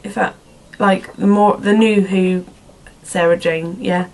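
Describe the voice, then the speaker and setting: A woman's voice: mid-range voice, fairly even intonation, slow, darkish tone, a little hiss or hum, poor audio. A young woman answering viewer questions in a casual vlog, rambling and filling her talk with "like" and "um" in a put-on accent. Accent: put-on accent, not her own. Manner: rambling, lots of "like" and "um".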